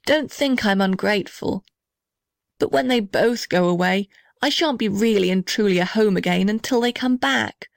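A woman's voice: mid-range voice, moderate pace, vocal fry, dry recording, clean studio sound, close to an everyday voice. A woman voicing a sighing little storybook house. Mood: bitter. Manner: plaintive, self-pitying. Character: small sad lonely male house.

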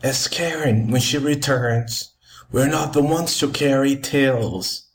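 A man's voice: medium pitch, takes it slowly. A man playing a prying neighbor who makes pointed hints. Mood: insinuating. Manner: pointed, insinuating. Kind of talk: amateur play reading.

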